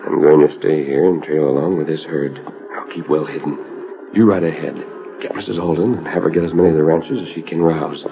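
A man's voice: extremely low pitch, steady tone, brisk. An actor playing a bold masked lawman hero who gives clipped, commanding orders, in an old radio drama. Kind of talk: 1930s radio drama acting. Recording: tinny old radio recording with music.

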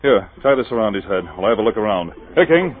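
An actor playing a calm, steady Mountie sergeant hero in 1940s radio acting. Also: male voice, lowish voice, quick pace, narrow, tinny audio, natural voice. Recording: old radio broadcast, phone-thin, very noisy.

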